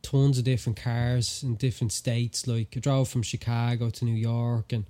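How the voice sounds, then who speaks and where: A man's voice: medium pitch, flat delivery, normal speed, dark tone. An Irish man in a casual chat, animatedly telling a story and acting out the quotes. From Ireland.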